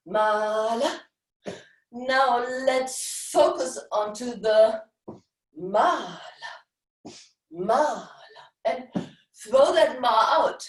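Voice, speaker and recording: A woman teaching a live-streamed dance class, giving slow guiding cues and chanting rhythm syllables. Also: a little high. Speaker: dance instructor. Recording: roomy echo, voice from far off the mic.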